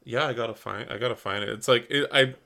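A young man co-hosting a podcast in casual chat, halting and self-deprecating, with many restarts. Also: medium pitch, vocal fry, sharp tone. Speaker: podcast co-host.

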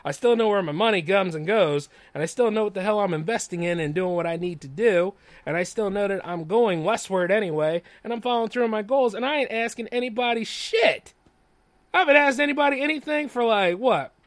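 A man's voice: high voice, fairly quick, no echo. A young man hosting a solo podcast, telling stories in a blunt, profane rant and chuckling often. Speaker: podcast host.

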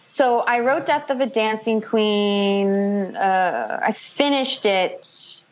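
A woman author from the New York area talks through her story in a relaxed interview. She is chatty and animated, slipping into quick put-on voices for the people she quotes. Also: mid-range voice. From New York / New Jersey. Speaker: author guest. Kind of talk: casual interview chat.

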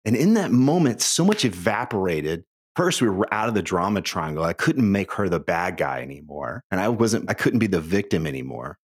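A middle-aged man with a deep, low-pitched voice speaks as a podcast guest. He tells stories in a lively, animated way, and his voice leaps upward when he gets worked up. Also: moderate pace, few pauses, husky. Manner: animated storyteller, voice jumps high when excited. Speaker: podcast guest, author and coach. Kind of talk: casual interview chat.

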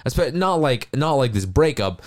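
A man's voice: medium pitch, big pitch swings, moderate pace. A man co-hosting a podcast, talking in a chatty, reflective way and musing aloud on feelings. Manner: chatty and reflective, lots of "like" fillers. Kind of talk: casual podcast conversation.

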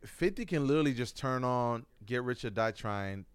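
A man's voice: mid-range voice, animated, moderate pace, smooth, no room sound. A young man co-hosting a loose, profane podcast chat about music and sports, laughing often. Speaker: podcast co-host. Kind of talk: casual chat.

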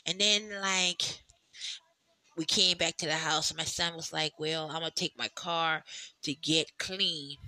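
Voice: medium pitch, steady tone, unhurried, bright, forceful tone, no echo. A podcast host telling loose stories in a casual solo chat, swearing freely, laughing often and rambling through lots of "you know"s. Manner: loose, chatty storytelling with swearing and frequent laughs; talks in rambling asides with many "you know"s.

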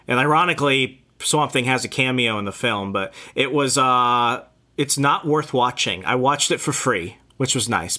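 A man's voice: medium pitch, sharp tone. A man co-hosting a podcast, casually giving wry, offhand opinions. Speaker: podcast co-host.

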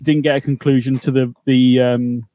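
A man co-hosting a podcast, chatting casually and excitably, swearing and laughing as he goes. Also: mid-range voice, moderate pace, dry recording, dull audio. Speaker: podcast co-host. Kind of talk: casual recap chat.

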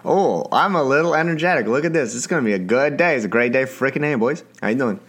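A young man from Canada hosting a solo podcast in a casual chatty way, talking fast, stumbling over words and swearing now and then. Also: mid-range voice, animated, fairly bright tone, husky. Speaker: podcast host.

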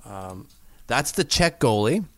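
A man's voice: mid-range voice, very animated, slow, a bit bright. A man co-hosting a casual sports podcast, rambling and hedging as he talks. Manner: rambling, hedging, lots of fillers and restarts. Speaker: podcast co-host.

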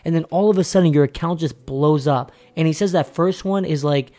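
A young man co-hosts a sports talk podcast, his voice sitting a little high for a man. He rambles through stories in a loose, animated way, full of filler words. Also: fairly quick. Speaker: podcast co-host. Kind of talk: casual sports chat.

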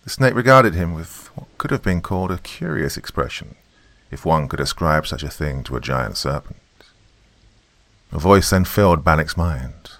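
A man giving expressive, scripted narration of a fantasy story. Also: low-pitched, dry recording.

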